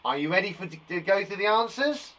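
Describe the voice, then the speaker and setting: A man's voice: sits high, lively intonation, brisk, fairly bright tone. Playful man teaching kids maths. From England. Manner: playful, encouraging, chats to viewers by name. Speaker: primary school teacher. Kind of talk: live online maths lesson for young children.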